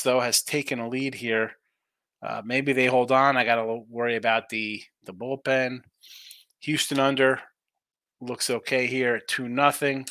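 A man's voice: mid-range voice, pushed and bright, no room sound, studio quality. A man hosting a live sports betting show, chatting casually through the day's games and reading viewer comments, thinking aloud and answering his own questions.

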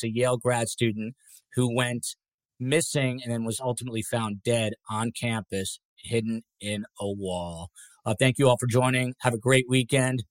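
A man's voice: mid-range voice, dry recording. Chatty male podcast host, dry sound. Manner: chatty, rambling asides while reading viewer comments. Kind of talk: live podcast panel hosting.

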